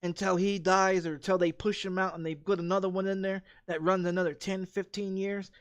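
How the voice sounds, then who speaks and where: A game streamer in the middle of an angry, expletive-laden rant. The talk is heated and repetitive, hammering the same points again and again. The voice sits at a middling pitch. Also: little pitch movement, brisk.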